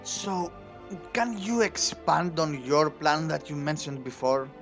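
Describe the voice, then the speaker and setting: A man with a slightly high voice takes part in a tabletop game session. He speaks hesitantly, pausing to hunt for the right words. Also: lively intonation, fairly bright tone, faint music behind. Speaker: player. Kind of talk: casual tabletop game talk.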